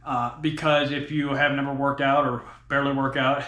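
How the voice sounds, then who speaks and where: A man's voice: mid-range voice, level tone, normal speed, hardly any pauses, a bit bright. A man in his forties filming a workout vlog in a gym, breathless between sets and talking bluntly with plenty of swearing. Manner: profane, blunt, talks between sets with sighs. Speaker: fitness vlogger. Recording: echoey gym room.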